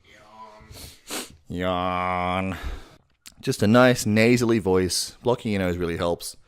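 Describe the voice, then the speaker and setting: A man's voice: lowish voice, moderate pace, smooth. A man giving a crude, rambling, self-mocking voice-impression tutorial at home. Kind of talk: casual tutorial. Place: home room at night.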